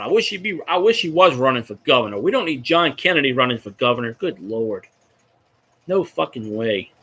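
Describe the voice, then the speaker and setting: Man, fan vlogger, rambling livestream chat, profane, fairly high voice, tense bright tone.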